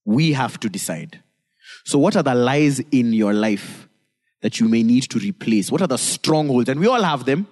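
A man preaching a sermon as pastor, emphatic, with sudden swings into high, dramatic delivery. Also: animated, moderate pace, darkish tone. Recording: long reverb of a church hall.

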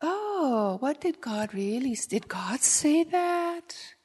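A woman's voice: high voice, big pitch swings, slow pace, darkish tone, in a large hall, pitched above the performer's own voice, full character voice. A woman voicing a sly male serpent tempter, speaking in coaxing, wheedling questions.

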